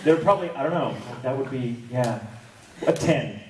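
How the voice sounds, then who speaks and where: A man's voice: mid-range voice, expressive, normal speed. Playful man on a convention panel, in an echoey hall. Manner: playful, laughs often, slips into silly voices. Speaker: voice actor guest on a fan convention panel. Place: large convention panel room. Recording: echoey hall, distant, loud crowd noise.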